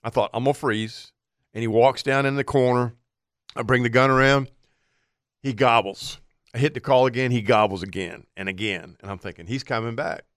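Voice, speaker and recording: Animated male radio storyteller, smooth voice. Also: medium pitch, a little fast, no room sound, clean studio sound. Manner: animated storyteller acting out his own thoughts. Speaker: radio outdoor show co-host.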